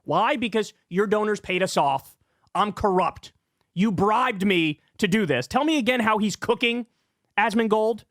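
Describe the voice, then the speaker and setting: A man's voice: sits high, animated, fairly bright tone, dry recording, clean studio sound. A man giving heated, sarcastic political commentary as a streamer. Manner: angry, sarcastic, rapid ranting.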